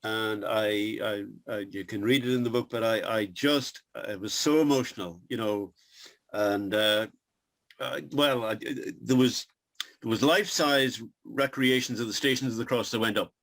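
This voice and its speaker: A man with an Irish accent, a guest telling his story over a video call in a halting, earnest way. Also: on the low side, fairly bright tone, dry recording. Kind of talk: casual interview on a video call.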